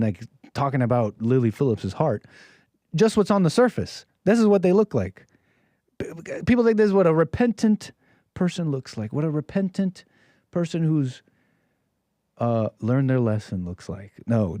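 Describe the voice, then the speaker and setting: A man's voice: fairly high pitch, warm tone, no room sound. An American man giving rambling, preachy solo commentary, often repeating his phrases. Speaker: streamer commentator.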